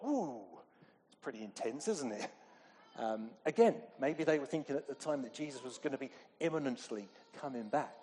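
Chatty preacher in an echoey hall. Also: male voice, a little high, animated, a little fast, warm tone. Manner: conversational, asks the congregation questions. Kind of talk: sermon. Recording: echoey hall with long reverb.

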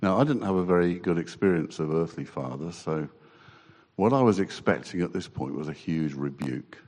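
A man giving a halting, emotional personal testimony to a church congregation. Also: low-pitched, animated, darkish tone. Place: church hall. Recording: long church reverb.

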